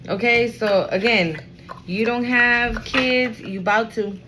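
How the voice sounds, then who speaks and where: A woman's voice: fairly high pitch, takes it slowly, noisy background. A woman giving a casual tarot reading at home, talking in a chatty, slangy way full of fillers. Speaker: tarot reader.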